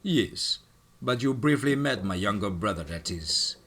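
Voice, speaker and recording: A man voicing a vengeful male gang boss with a thick Russian accent, speaking slowly and taunting while groping for English words. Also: on the low side, lively intonation, a bit bright, slightly rough, full character voice.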